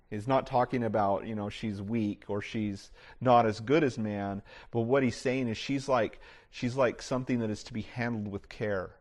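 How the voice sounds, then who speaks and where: A middle-aged male pastor delivering a sermon in a casual, conversational way. His voice sits at an ordinary pitch for a man. He often restarts his sentences and leans on "you know.". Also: a little mellow.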